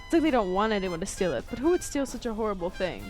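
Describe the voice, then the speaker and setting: A woman's voice: mid-range voice, very animated, quick pace, soft background music. A woman streaming a story game, reading the text aloud and chatting through her choices.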